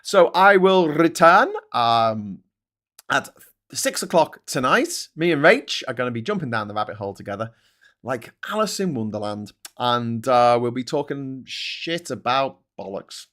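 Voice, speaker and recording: A man with a Scouse accent hosting a political livestream, talking in an excitable, sweary, rambling way. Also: mid-range voice, a little slow. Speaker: livestream host. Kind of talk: casual political livestream chat.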